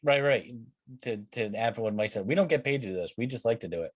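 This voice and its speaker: A young man co-hosts a friendly podcast in a relaxed, easygoing way. He stumbles and restarts his words as he talks. His voice sits at an average pitch. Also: fast talker, dry recording, studio quality. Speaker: podcast co-host. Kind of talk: casual podcast banter.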